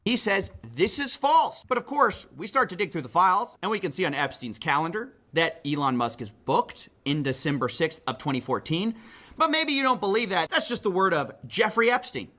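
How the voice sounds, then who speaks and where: A man with a high, sing-song voice that sounds pushed and bright hosts a commentary show at normal speed. He reads out reports and quotes aloud, adding sardonic asides.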